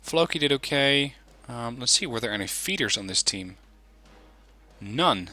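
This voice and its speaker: A man hosting a gaming channel, giving relaxed, chatty commentary on a game replay with frequent ums. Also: medium pitch, measured pace, dry recording.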